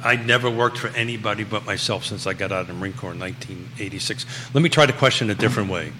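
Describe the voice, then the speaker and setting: A man's voice: fairly low pitch, quick pace, bright, forceful tone, slight background noise. A man in his sixties, a talk show guest, who often interjects and asks questions. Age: 60s. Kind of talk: casual talk show chat. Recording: room with long reverb.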